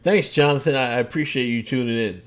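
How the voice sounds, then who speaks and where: A man's voice: mid-range voice, fast talker. A man hosting a casual livestream podcast, answering viewer comments with loose, joking, sarcastic asides and frequent laughs.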